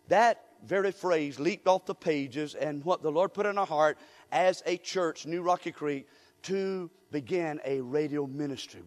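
High-voiced preacher calling out to a congregation. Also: male voice, in a large hall. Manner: call-and-response preaching, rising to shouts. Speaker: pastor. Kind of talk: sermon. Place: church sanctuary.

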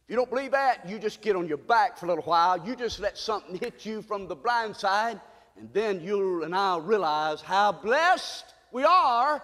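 A middle-aged American man preaching a sermon in church, swinging from low murmurs to high shouted cries. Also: lively intonation, moderate pace. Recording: long hall reverb.

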